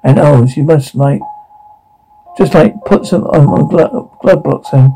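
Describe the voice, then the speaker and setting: A man playing Guy, a gravelly, bashful young man. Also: on the high side, unhurried, dark tone, slight background noise, low-quality recording. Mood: rambling. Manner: rambling, self-interrupting. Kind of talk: naturalistic screen acting.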